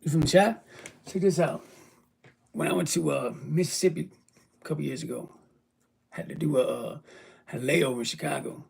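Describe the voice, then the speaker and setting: A man's voice: fairly high pitch, normal speed, long pauses, darkish tone. A worn-out, ill man talking casually and emotionally to his viewers, rambling and swearing freely. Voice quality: gravelly. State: weary and ill. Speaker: vlogger. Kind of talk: casual vlog talk to viewers.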